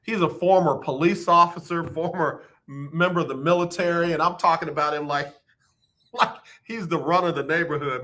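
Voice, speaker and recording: A man's voice: on the high side, fairly quick, sharp tone. A man hosting live sports talk radio, joking and repeating his points for effect into a studio microphone.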